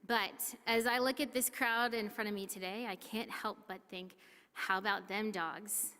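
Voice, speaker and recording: A woman delivering a formal commencement speech in an earnest, measured way. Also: a little high, pushed and bright. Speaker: commencement speaker. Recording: long reverb of a large hall.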